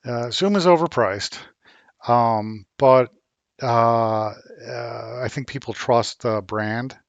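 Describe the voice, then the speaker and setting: A man chats in a slow, halting way, stopping often for ums and starting sentences over. His voice sits at a middle pitch and sounds a little tired. It is recorded dry, with no room sound. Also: vocal fry, no echo, dull audio. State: a bit worn out. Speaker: vlogger learning Spanish. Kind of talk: casual vlog chat.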